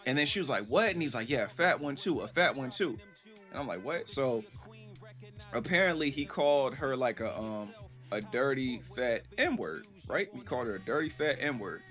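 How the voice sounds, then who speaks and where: A man telling a story casually to his live stream chat, animated and rambling, acting out the voices he quotes. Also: medium pitch, normal speed, faint music behind.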